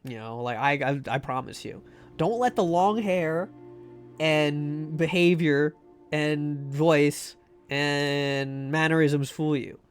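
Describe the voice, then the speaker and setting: A man's voice: fairly high pitch, slow pace, clean tone, faint music behind. A man streaming a game live, rambling and joking with many fillers and restarts. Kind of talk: casual live-stream chat.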